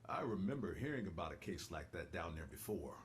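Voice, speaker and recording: A low-voiced, skeptical agent. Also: male voice, big pitch swings, fairly quick, slight background noise.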